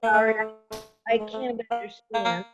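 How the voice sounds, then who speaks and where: A woman's voice: on the high side, little pitch movement, unhurried, over loud music. A woman learning the steps in a casual video call, asking questions and checking each step. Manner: questioning, asks to have steps repeated. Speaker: trainee. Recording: muffled call audio with faint noise.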